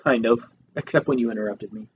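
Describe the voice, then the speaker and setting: A man's voice: mid-range voice, fast. A young man co-hosting a podcast, joking and teasing in casual chat on a handheld mic. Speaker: podcast co-host. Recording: dull lo-fi mic with faint noise.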